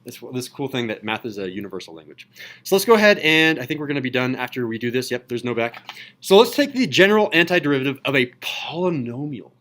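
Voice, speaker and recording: A male math teacher lecturing a classroom with eager energy, his mid-pitched voice climbing when he hits a key point. He keeps asking students questions as he works through the board. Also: sing-song, quick pace, a bit bright. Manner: enthusiastic, asks students questions. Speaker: high school math teacher.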